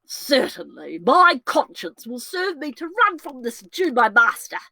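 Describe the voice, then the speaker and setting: A woman's voice: sits high, very animated, a little slow, sharp tone, no echo, exaggerated voice. A woman playing a jittery young male comic servant, bouncing between voices for his fiend and his conscience in a solo reading of a classic play.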